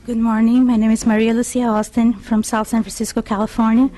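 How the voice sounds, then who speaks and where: A woman's voice: fairly high pitch, level tone, brisk, dark tone, low-quality recording. A woman giving brief, impassioned public testimony at a hearing. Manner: firm, impassioned. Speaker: public commenter.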